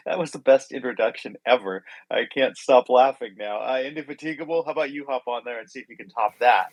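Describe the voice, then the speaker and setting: An upbeat man hosts a live online audio chat, greeting guests warmly and chatting easily. His voice sits in a middle range. The sound is dry and close, with no room around it. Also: medium pitch, fast talker, few pauses, dry recording, low-quality recording. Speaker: host.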